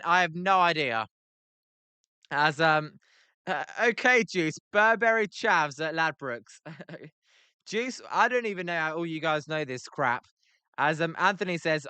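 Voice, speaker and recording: A young British man with a British accent calling a baseball game on a livestream, reading chat aloud between pitches with lots of filler words. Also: sharp tone, smooth, dry recording. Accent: British English. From Britain. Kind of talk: casual play-by-play livestream commentary.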